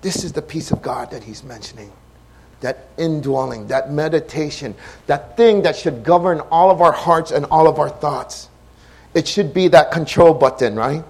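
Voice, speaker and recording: A man preaching a sermon as pastor, impassioned, shifting between hushed and loud delivery. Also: a little high, moderate pace, breathy edge.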